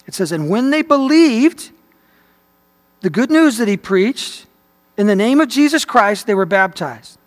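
High-voiced preacher in a reverberant hall. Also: male voice, lively intonation, normal speed. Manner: preacherly, reads quotations aloud with emphasis. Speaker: pastor. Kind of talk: sermon teaching.

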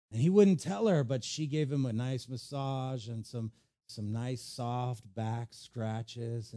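Animated man preaching a sermon. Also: medium pitch. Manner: animated storytelling, acting out voices. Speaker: pastor.

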